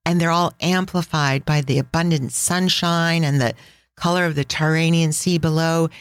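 A woman's voice: deep voice, steady tone, moderate pace, dry recording. A woman hosting a casual travel podcast, talking with enthusiastic, chatty storytelling. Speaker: podcast host.

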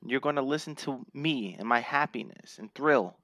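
Animated man ranting on a podcast. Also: medium pitch, normal speed, no room sound, studio quality. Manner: animated ranting, playful self-hype. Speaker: podcast co-host. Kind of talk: casual podcast chat. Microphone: remote podcast mic.

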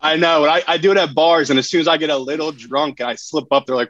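Fast-talking rambling gambler on a dull mic. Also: male voice, on the high side, fairly even intonation, fairly bright tone, no room sound. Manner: rambling, self-mocking. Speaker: contestant, pro gambler. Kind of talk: casual game show banter.

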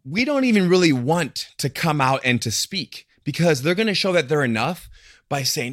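A man in casual podcast conversation, talking in an animated way and acting out the voices he quotes. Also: fairly high pitch, normal speed, no room sound, studio quality.

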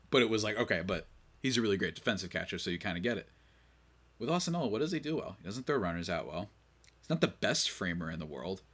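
A man with a fairly low voice hosts a casual sports podcast. He rants in an opinionated, exasperated way. He is worn out from barely sleeping. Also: a bit bright. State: short on sleep. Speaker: podcast host.

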